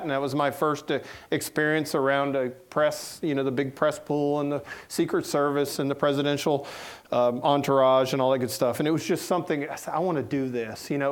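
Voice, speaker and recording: A middle-aged man with a Southern American accent, a cartoonist giving a casual talk in a lecture room, telling folksy, joking anecdotes. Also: fairly high pitch. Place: lecture room before an audience.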